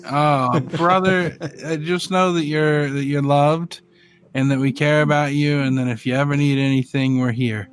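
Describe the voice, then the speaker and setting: A man's voice: a little high, steady tone, normal speed, soft background music. A man co-hosting a casual podcast, chiming in with dry jokes. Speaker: podcast co-host.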